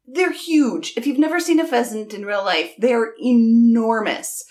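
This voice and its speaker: A woman co-hosting a podcast in casual chat, a relaxed storyteller who laughs easily. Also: fairly high pitch, unhurried. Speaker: podcast co-host.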